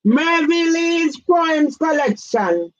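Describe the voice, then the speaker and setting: Emphatic woman, high dull-sounding voice. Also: animated, slow. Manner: emphatic, keeps addressing one man by name, pointed questions. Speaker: campaigner vlogger. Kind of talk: direct-address complaint monologue.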